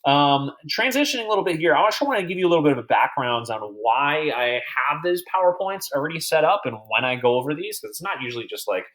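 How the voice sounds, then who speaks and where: A man's voice: a little high, lively intonation, fast talker, few pauses, fairly bright tone. A man teaching a recorded math lecture over slides, chatty and digressive, quizzing imaginary students as if they were in class.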